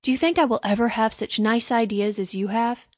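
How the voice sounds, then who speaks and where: Humble young gardener, earnest and eager to please, a bit higher, dry room, as a woman reads him. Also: fairly even intonation, a little fast, dry recording, natural voice.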